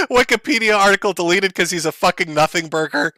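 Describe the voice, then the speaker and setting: A man's voice: high-pitched, lively intonation, fast, sharp tone, no room sound, clean studio sound. A man hosting a stream, giving profane, mocking commentary and laughing often. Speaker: streamer host.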